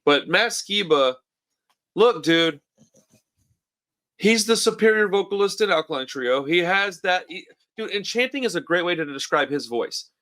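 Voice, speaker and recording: Male podcast co-host, casual and enthusiastic, bright forceful tone, slightly higher pitch. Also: expressive, normal speed. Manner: enthusiastic, says dude and bro a lot. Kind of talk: casual chat. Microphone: remote call mic.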